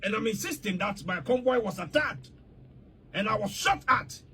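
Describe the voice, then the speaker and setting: A man's voice: high voice, expressive, moderate pace, bright, forceful tone, a little hiss or hum. A man with a Ghanaian accent giving heated political commentary, emphatic and repetitive, mixing English with a local language.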